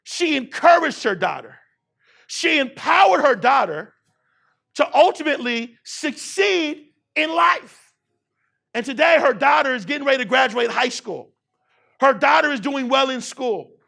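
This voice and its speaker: Keynote speaker, man around forty: high bright voice, rousing call-and-response delivery. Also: expressive, measured pace, creaky. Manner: repetitive preaching cadence. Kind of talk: motivational keynote speech. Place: university event hall.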